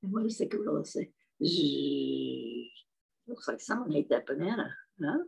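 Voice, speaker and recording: A woman reading and singing to young children in a gentle voice, often asking them questions and clearing her throat. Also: lowish voice, animated, fast talker. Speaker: children's storyteller.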